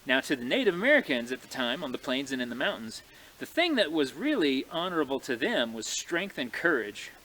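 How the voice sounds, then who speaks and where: A man telling a frontier tale in a folksy, animated way, speaking to his audience outdoors in snowy woods. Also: medium pitch, brisk, slight background noise. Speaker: living history storyteller. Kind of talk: folksy oral storytelling.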